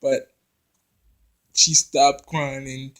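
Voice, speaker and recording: A man casually recapping a reality TV episode, talking straight to his viewers and tripping over his words when he gets excited. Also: medium pitch, very slow, poor audio. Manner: chatty, addresses viewers directly, restarts and stumbles when excited.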